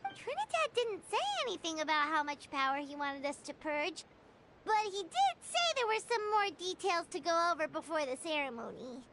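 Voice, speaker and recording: A woman's voice: very high-pitched, big pitch swings, normal speed, fairly bright tone, a little hiss or hum, exaggerated voice. A woman voicing a small, eager female game companion who sounds worried and keeps asking questions, with game music behind her. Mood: uneasy. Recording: game dialogue over soundtrack.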